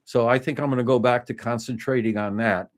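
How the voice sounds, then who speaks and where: A man's voice: mid-range voice, steady tone, fairly quick. A man in his fifties hosting a casual home livestream, rambling through restarts and fillers as he talks to his viewers. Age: 50s. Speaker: livestream host. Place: home desk, indoors.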